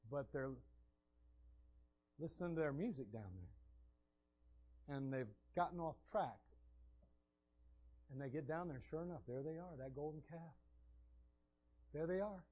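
A man preaching a sermon, telling the scriptural stories in an animated way and acting out the scenes. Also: a little high, unhurried, long pauses, lo-fi sound.

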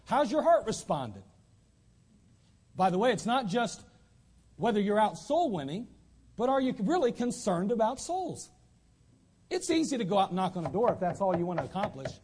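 A man's voice: sits high, very animated, a little fast, darkish tone, husky. A man preaching a sermon as pastor, emphatic and repeating lines for stress. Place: church sanctuary.

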